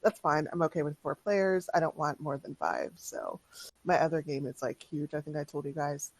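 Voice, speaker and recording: A woman's voice: deep voice, normal speed, vocal fry. A woman who is the game master, chatting casually before a tabletop session in a talkative way with lots of filler words.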